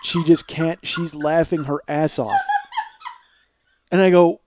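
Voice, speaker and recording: A man's voice: a little high, fairly even intonation, takes it slowly, very noisy. A man telling a long comic story about himself, rambling, self-mocking and profane. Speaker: comedy podcast host. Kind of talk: solo comedic storytelling.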